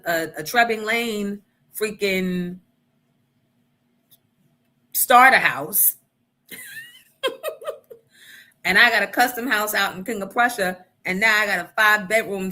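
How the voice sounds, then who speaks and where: A woman's voice: medium pitch, bright, forceful tone. Brash, profane woman radio host. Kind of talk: storytelling on a morning show.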